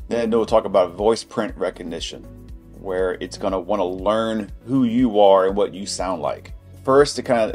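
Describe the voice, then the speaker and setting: A man's voice: deep voice, darkish tone. A man hosting a casual product review, talking in a chatty, anecdotal, informal way.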